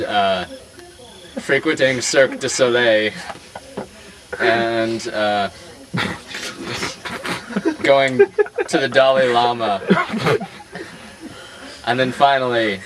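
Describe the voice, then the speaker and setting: A man telling a long joke among friends, rambling and halting, with fillers and restarts. His voice sits fairly low, and he takes his time. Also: fairly bright tone, low-quality recording. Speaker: joke teller.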